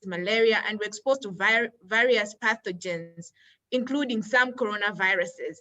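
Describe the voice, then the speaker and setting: A woman speaking as a panelist, explaining in a measured way. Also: mid-range voice, pushed and bright, poor audio. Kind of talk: panel discussion.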